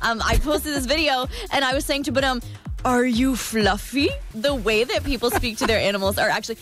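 A young woman co-hosting a radio show, chatty and teasing, quick to laugh. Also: sits high, fairly bright tone, faint music behind. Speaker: radio co-host. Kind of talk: casual radio banter.

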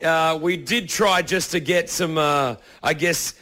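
A man's voice: a little high, steady tone, slow pace, sharp tone. A male morning radio host, upbeat and joking as he chats with callers and reads out road warnings. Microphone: studio mic. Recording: radio studio with music bed.

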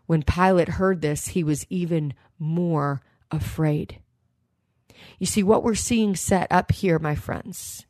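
A woman with a fairly low voice preaches a sermon, recorded close and dry with no room sound. She reads scripture aloud and retells it in an easy, conversational way. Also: darkish tone, no echo.

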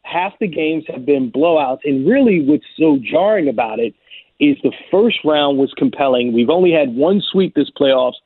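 A man's voice: a little high, lively intonation, normal speed, dry recording. A man arguing basketball takes on a sports talk show, emphatic and confident. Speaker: basketball analyst. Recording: tinny phone-like audio.

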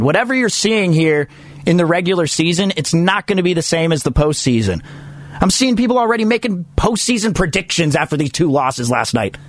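Male sports talk host, lively and emphatic, slightly high voice, dry close sound. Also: no echo. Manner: animated and emphatic, jokey asides. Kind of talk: casual sports talk segment.

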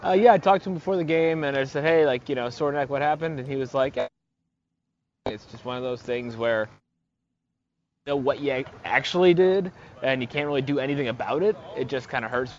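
A man's voice: medium pitch, brisk, a little hiss or hum. A man, a sports reporter calling in by phone from an arena, talking casually and rambling with many fillers. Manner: rambling, lots of fillers and restarts. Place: arena in another city. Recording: dull phone-in line.

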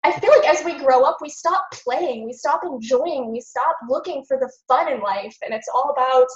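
A woman speaks with earnest, lively warmth as a podcast guest, her fairly high voice a touch under the weather from being sick. She acts out her own inner thoughts as she tells her stories. The sound is muffled and echoey, like a remote call recorded in a bare room. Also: moderate pace, hardly any pauses. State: a little sick. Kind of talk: casual interview talk.

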